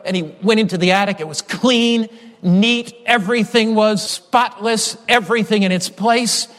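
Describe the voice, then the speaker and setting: High-voiced man preaching a sermon. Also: moderate pace, a bit bright, big-room sound. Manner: emphatic, builds through repeated phrases and storytelling.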